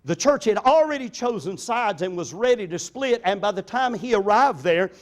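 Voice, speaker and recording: An older man, a pastor preaching a sermon in an earnest storytelling way, slowing down to stress key points. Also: sits high. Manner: earnest storytelling, slows down for emphasis.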